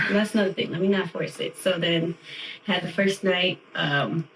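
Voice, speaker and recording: A woman's voice: on the low side, measured pace, slight background noise. A woman in her thirties co-hosting a podcast in casual chat, telling stories with lots of laughter. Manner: animated storytelling, often laughing. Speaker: podcast co-host. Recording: roomy and distant from mic.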